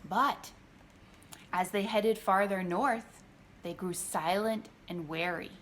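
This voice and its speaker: A woman reading her picture book aloud, gentle and expressive. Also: medium pitch, slow, a little hiss or hum. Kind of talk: storybook read-aloud.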